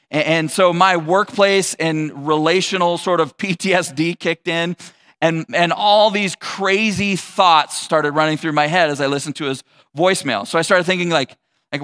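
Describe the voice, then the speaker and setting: A male pastor giving a conversational sermon, telling a personal story with animated asides. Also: on the high side.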